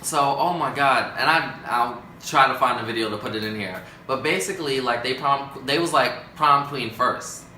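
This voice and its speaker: A young man telling a storytime vlog, dramatic and animated, acting out quotes with big jumps in pitch. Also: normal speed, few pauses, roomy sound, a little hiss or hum, poor audio. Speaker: vlogger.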